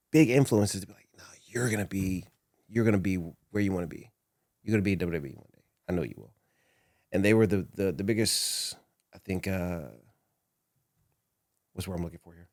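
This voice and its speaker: Animated low-voiced man telling stories. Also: dry recording, clean studio sound. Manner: animated, laughs often, acts out quotes. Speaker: professional wrestler, guest. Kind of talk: casual interview storytelling. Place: podcast studio. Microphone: studio microphone.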